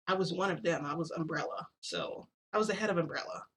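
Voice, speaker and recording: Rambling excitable woman telling a story. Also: on the low side, quick pace, slight background noise. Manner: rambling, excitable, with self-corrections. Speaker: vlogger. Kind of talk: casual storytime.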